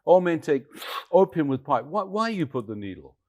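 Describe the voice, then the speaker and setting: A man putting on a scolding young man with broken English. The voice jumps high and clipped, then swings between loud and soft with each sharp, dismissive phrase. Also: very animated, normal speed, slight background noise.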